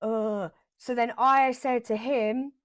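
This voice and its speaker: A woman vlogger telling a personal story straight to camera, emotional and animated, repeating herself for emphasis and swearing now and then. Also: on the high side, slow pace, dry recording.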